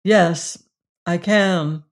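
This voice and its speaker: A narrator voicing a shrewd, sharp-tongued woman who answers crisply and with scorn. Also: on the low side, drawn-out words. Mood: contemptuous. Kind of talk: audiobook character reading.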